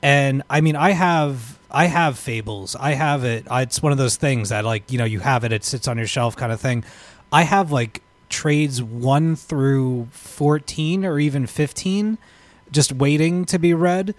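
A man's voice: mid-range voice, a little slow, no echo. A man co-hosting a comics podcast, talking in a rambling way with many restarts. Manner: rambling, full of restarts and fillers. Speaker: podcast co-host. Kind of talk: casual chat.

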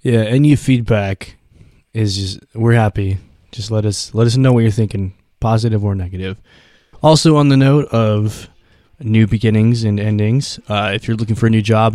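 A man with a sick, hoarse voice co-hosting a podcast in casual, rambling chat. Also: fairly low pitch, fairly even intonation, normal speed, dark tone, no room sound, studio quality. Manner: laid-back, rambling with fillers. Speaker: podcast co-host.

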